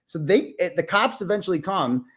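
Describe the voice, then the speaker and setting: Man, fairly high voice, animated storytelling, fillers and restarts, casual podcast talk. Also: moderate pace, husky. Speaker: podcast guest, independent reporter.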